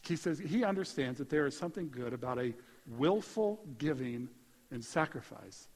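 A pastor preaching a sermon in a conversational, animated way, building to emphatic peaks. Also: male voice, mid-range voice, moderate pace. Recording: hall reverb.

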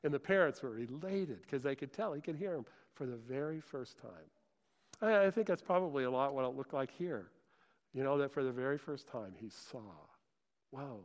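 A man preaching a sermon, retelling scripture in animated storytelling and acting out the voices. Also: mid-range voice, normal speed, in a large hall. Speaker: pastor.

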